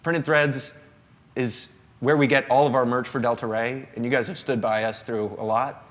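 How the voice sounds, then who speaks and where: His voice is medium-pitched and fairly bright, with fairly even intonation at a normal speed. He's a Southern US singer-songwriter in his thirties sharing an earnest, reflective confession with a live audience in an indoor company showroom, recorded with long live-room reverb.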